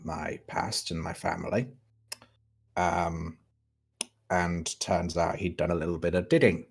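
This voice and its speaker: A man playing a tabletop role-playing game, describing his character's actions slowly and with hesitation. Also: low voice, slightly rough. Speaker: player.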